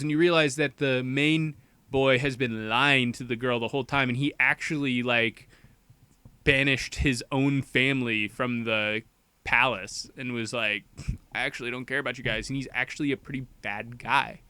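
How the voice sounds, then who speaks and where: A young man casually recapping a movie plot as a podcast co-host, rambling with lots of "like" and quick quoted voices. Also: medium pitch, fairly even intonation, pushed and bright, smooth, no room sound.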